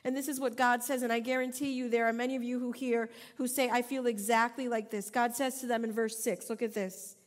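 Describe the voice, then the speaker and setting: A woman's voice: on the high side, little pitch movement, a little fast, few pauses. A woman pastor delivering a sermon, emphatic and repetitive, with playful asides.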